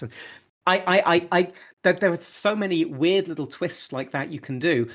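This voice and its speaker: A man's voice: a little high, lively intonation, normal speed. A man speaking as a podcast guest, talking enthusiastically and often repeating words as he restarts sentences. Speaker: podcast guest, open source developer. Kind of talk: casual interview talk.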